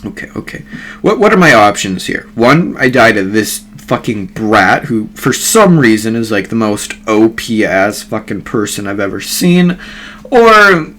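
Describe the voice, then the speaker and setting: A man's voice: lowish voice, big pitch swings, a little slow, fairly bright tone, full character voice. A man voicing a frantic, desperate male villain who swears and dithers while weighing his options. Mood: panicked.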